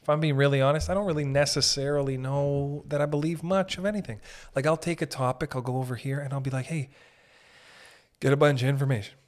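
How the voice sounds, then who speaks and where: A podcast host with a medium-pitched, steady voice and quick pace delivers a rambling, profane, comedic monologue. He keeps breaking off mid-sentence, interrupting himself and doing mock voices.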